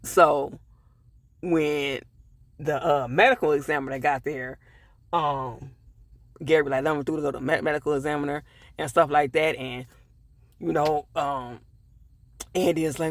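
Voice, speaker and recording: Gravelly, animated man recapping a TV episode. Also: fairly high pitch, measured pace, long pauses, no room sound. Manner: animated, acts out characters' lines with sassy asides and laughs. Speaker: TV show reviewer. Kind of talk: casual recap and commentary.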